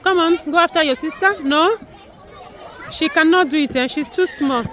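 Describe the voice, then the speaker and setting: A woman's voice: sits high, moderate pace, fairly bright tone, a faint crowd. A mother filming her children outdoors at a zoo, cheering and encouraging them in a casual family vlog. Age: adult parent. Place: outdoor zoo with a crowd around.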